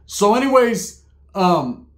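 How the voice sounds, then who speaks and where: Man, comic storyteller, crude slangy delivery, higher register. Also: big pitch swings, slow, a bit bright. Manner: slangy, crude, laughing asides. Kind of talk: comedic storytelling. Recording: roomy echo.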